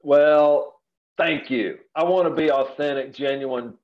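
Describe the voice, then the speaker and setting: A man's voice: fairly high pitch, slow pace. Rancher guy on a podcast, folksy and earnest, kinda rambly, audio a bit dull. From Central Texas, USA. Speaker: rancher guest. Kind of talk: relaxed podcast conversation. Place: office.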